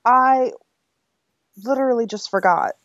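A woman's voice: fairly high pitch, measured pace, fairly bright tone, dry recording. A woman co-hosting a podcast in casual chat, chatty and a bit scattered, reading listener mail aloud. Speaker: podcast co-host. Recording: slightly dull, dry podcast audio.

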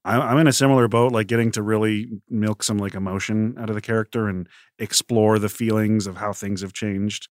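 A man's voice: lowish voice, steady tone, fairly quick, hardly any pauses, dry recording, clean studio sound. A man and tabletop player in casual, playful chat, rambling a little.

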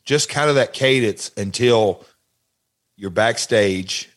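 An older man, a retired wrestler appearing as a guest, recalls backstage moments in a casual chat that is halting and rambling. His voice is lowish with a fairly bright tone.

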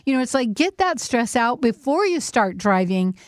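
A middle-aged woman hosting a casual chat, animated and laughing often as she acts out little quotes. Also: a little high, moderate pace, dry recording, clean studio sound. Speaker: host.

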